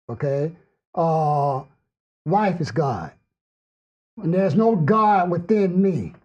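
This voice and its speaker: Hoarse man leading a spiritual discussion. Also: on the high side, expressive, slow, long pauses, a little mellow, dull audio. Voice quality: hoarse, strained. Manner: emphatic, keeps asking "okay?". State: losing his voice. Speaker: host and teacher.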